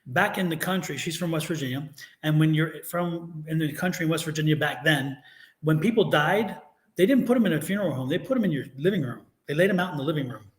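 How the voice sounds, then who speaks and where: A man co-hosting a tarot reading stream, telling stories in a lively, animated way and laughing often. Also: a little high, quick pace, echoey room. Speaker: tarot reader co-host. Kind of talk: casual live-stream chat.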